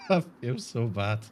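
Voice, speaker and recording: A man's voice: mid-range voice, a little hiss or hum. A man streaming a game, chatting casually and self-mockingly to viewers, swearing often. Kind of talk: casual live-stream chat.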